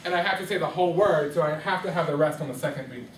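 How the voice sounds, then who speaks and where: A man's voice: high voice, fast talker, few pauses, slight background noise. A man teaching a music lesson to a classroom, asking students questions and coaxing answers. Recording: echoey classroom from far off.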